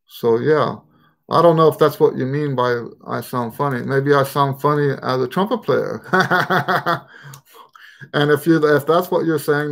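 A man's voice: on the high side, vocal fry. Chatty American man with a mixed accent. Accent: mixed American, Texan and Western Pennsylvania touches. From United States. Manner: rambling, conversational, many fillers and asides. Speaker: trumpet teacher hosting a live Q&A. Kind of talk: casual live-stream chat.

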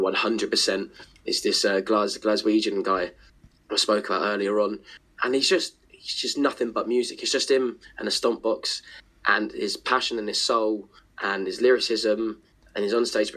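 A musician in his 20s from Essex, England, chats casually as a podcast guest, talking enthusiastically in long rambling runs and swearing freely. His voice is lowish, fairly bright and husky.

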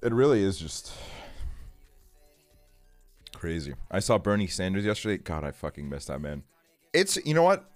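A man rants casually to his stream from his bedroom, swearing constantly and padding with fillers. His voice sits on the low side and sounds dry and close. Soft music plays faintly behind him. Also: very animated, normal speed, long pauses, no room sound. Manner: profane, ranting, lots of fillers.

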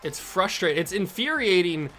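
A man's voice: high voice, normal speed, faint music behind. A man playing a football video game and commentating live, often scolding himself for his mistakes. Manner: self-scolding, exasperated, then animated. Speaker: gaming YouTuber.

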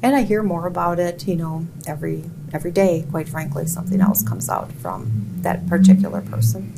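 Low gravelly woman, firm and emphatic. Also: expressive, a little fast. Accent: Upper Midwest American. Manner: firm, emphatic denials, plainspoken. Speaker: judicial candidate. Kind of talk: editorial board interview. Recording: noisy room audio.

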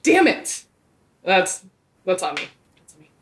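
A young woman acting as a sketch comedy host who talks in a bubbly, gushing way with quick asides. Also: fairly low pitch, very animated, a little hiss or hum. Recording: echoey room with faint music.

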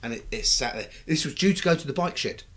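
British man, middle-aged, animated storyteller, swears freely, mid-pitched voice. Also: fast talker. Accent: British English. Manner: animated, acts out quoted dialogue, swears freely. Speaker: bike builder, guest. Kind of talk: casual storytelling chat. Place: recording studio.

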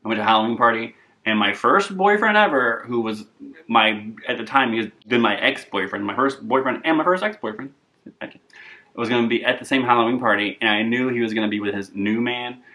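A man's voice: medium pitch, a little fast, bright, forceful tone. A young man vlogging in a chatty, rambling, self-deprecating way. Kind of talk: casual rambling vlog.

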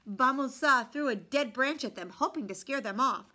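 A woman reading a folk tale aloud from a picture book, expressive, dropping to hushed asides about the illustrations. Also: high voice, moderate pace. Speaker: storyteller.

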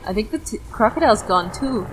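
Playful woman with a lively voice. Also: medium pitch, a little fast, over music. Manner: playful, teasing, yelping when hit. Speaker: co-player. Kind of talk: casual gaming chat.

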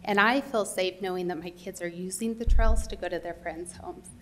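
A woman's voice: medium pitch, normal speed, a bit bright, a little hiss or hum. A woman giving public comment as a resident at a city council meeting, earnest and conversational, with some fillers.

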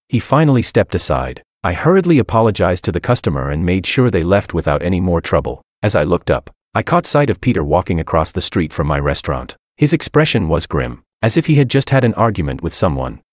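A man narrates a first-person story in a wry, self-mocking tone. His voice is low and deep, yet the delivery swings through a wide, lively pitch range. The recording is close and dry, with no room sound. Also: no room sound.

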